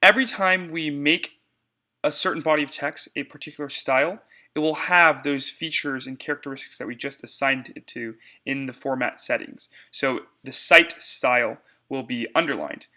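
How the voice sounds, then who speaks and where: A man's voice: medium pitch, moderate pace, sharp tone. A young man giving a casual step-by-step screencast tutorial on cutting debate cards, talking to viewers as y'all.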